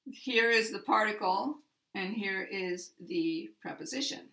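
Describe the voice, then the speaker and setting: An American woman teaching pronunciation, speaking deliberately and repeating example sentences with clear stress. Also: mid-range voice, fairly bright tone.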